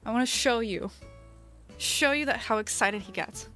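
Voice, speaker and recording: Bubbly high-voiced woman streamer. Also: normal speed, fairly bright tone, soft background music. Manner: bubbly, giggly, baby-talks to her pets. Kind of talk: casual live-stream chat.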